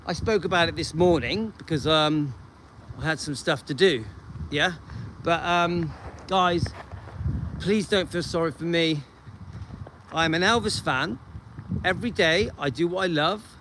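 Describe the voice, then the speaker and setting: Holding his phone, a channel host speaks to viewers in a rambling, reassuring, earnest vlog. His fairly high voice moves at a measured pace with long pauses, over a noisy background.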